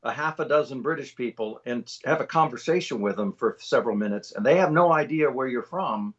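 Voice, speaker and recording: An older man, a voice actor guest, telling animated stories in a casual interview. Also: medium pitch, a little fast, husky, muffled recording. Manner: animated storyteller, many restarts.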